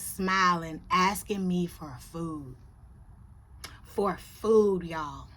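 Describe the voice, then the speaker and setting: A young adult woman chatting casually on her vlog, telling a story with big swings from low, quiet asides to loud, high exclamations. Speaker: vlogger. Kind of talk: casual chat.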